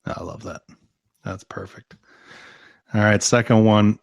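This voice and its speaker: A man's voice: on the low side, steady tone, measured pace, gravelly, dry recording, muffled recording. An American man hosting a podcast interview, enthusiastic, laughing often and stumbling over repeated words. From United States. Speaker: podcast host. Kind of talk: casual interview.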